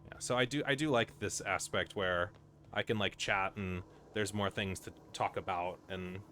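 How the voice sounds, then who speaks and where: A man's voice: low voice, moderate pace, bright, forceful tone, slight background noise. A man streaming a video game, chatting casually with lots of fillers and wry asides. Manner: rambling, filler-heavy, wry. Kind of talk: casual gameplay commentary.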